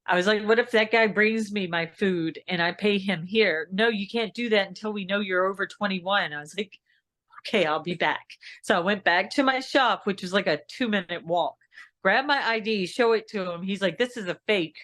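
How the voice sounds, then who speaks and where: A woman's voice: medium pitch, moderate pace, a bit bright. Woman guest telling a laughing anecdote. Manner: laughs easily, tells anecdotes with quoted dialogue. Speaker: guest, actress and singer. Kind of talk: casual interview chat.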